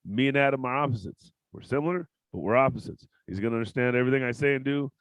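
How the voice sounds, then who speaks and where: A man hosting a podcast interview, blunt and outspoken, swearing often and breaking into loud outbursts. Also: mid-range voice, fast talker, clear, resonant tone, dry recording, highs cut off. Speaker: podcast host. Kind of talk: casual interview chat.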